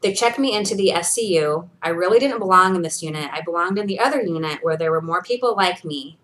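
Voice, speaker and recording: A woman's voice: on the low side, expressive, fast, fairly bright tone. Earnest woman sharing her story. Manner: earnest and encouraging, with many fillers. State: briefly emotional, near tears. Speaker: vlogger. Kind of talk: personal video diary, reading from a journal.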